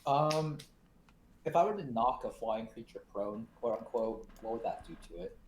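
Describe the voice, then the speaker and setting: A man's voice: mid-range voice, expressive, normal speed, a little mellow, slight background noise. A man playing in a tabletop game, hesitant, adding up his dice rolls aloud. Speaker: player.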